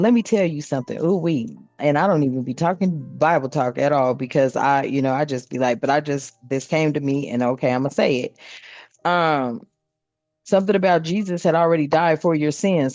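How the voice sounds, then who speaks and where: A woman's voice: low-pitched, dark tone, no room sound, lo-fi sound. A woman giving a casual spiritual card reading, blunt and profane, laughing often as she talks.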